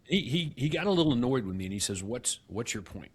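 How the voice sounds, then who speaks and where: A middle-aged man, a guest in an interview, telling his story with animated acted-out dialogue and frequent restarts. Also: medium pitch, fast, slightly rough. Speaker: guest, real estate company CEO.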